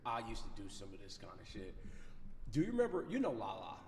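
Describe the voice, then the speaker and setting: A man's voice: fairly low pitch, huge pitch swings, quick pace. A man hosting a podcast in casual chat, reacting and laughing along, swearing freely. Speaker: podcast host. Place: podcast studio. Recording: roomy reverb.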